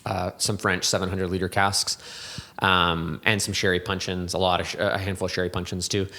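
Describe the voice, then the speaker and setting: Speaking fairly quickly in a deep, flat voice that sounds pushed and bright, a man who distills and blends whiskey gives a podcast interview. He's thoughtful and meandering, restarts often, uses many fillers, and takes a reflective, poetic turn.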